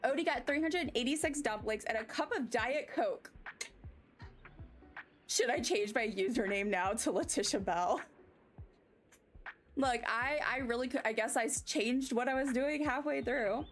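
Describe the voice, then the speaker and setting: A young American woman talks to her stream chat in a loose, rambling way, often laughing at herself as she reads comments. Her voice sits a little high. Quiet background music plays under her. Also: unhurried, long pauses. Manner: chatty, rambling, self-mocking, reacts to chat. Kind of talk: casual live-stream chat reading comments. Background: faint background music.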